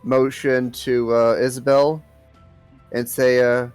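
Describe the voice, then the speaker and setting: A man playing a tabletop game, talking in a relaxed, hesitant way. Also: mid-range voice, normal speed, no room sound, faint music behind. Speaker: player. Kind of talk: tabletop role-play chat.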